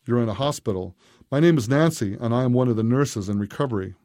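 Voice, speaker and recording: A man voicing a calm, brisk female hospital nurse. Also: medium pitch, no echo, clean studio sound, natural voice.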